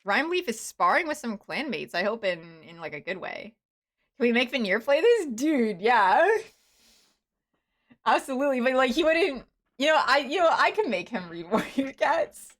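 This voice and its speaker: A woman streaming a game, chatting casually and rambling with many fillers and restarts, with excited bursts and soft, muttered asides. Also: fairly high pitch, normal speed. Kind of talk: casual live-stream chatter while playing.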